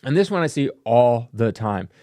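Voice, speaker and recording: A man's voice: medium pitch, big pitch swings, normal speed, dark tone, dry recording, studio quality. A man giving casual, sarcastic commentary on vintage comic book ads, laughing at what he reads. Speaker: comic book collector and YouTuber.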